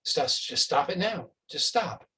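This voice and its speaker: A man's voice: on the high side, sing-song, unhurried, sharp tone, distant mic, poor audio. A man giving an earnest, insistent spiritual talk, often restarting phrases and acting out imagined dialogue with the listener. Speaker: spiritual teacher.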